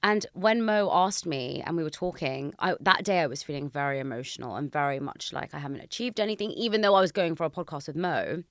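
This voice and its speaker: A woman in her thirties with a low-pitched voice, hosting a podcast in casual conversation. She speaks candidly and reflectively, openly sharing her feelings. The sound is close and dry, with no room around it. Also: expressive, a little fast, few pauses, no echo. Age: 30s. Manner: candid, reflective, emotional openness. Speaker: podcast host. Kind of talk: casual chat.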